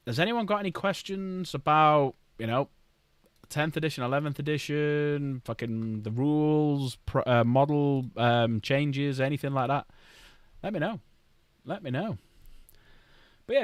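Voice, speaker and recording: A man's voice: a little high, no room sound. A man streaming casually, chatting and rambling to viewers while building models. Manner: rambling, chatty, talks to chat.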